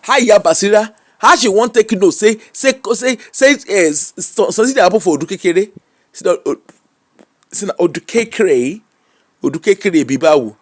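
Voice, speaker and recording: A Nigerian man delivering animated comic commentary while he streams, mixing in Pidgin. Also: high voice, normal speed, dry recording. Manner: animated, mixes Pidgin and Yoruba.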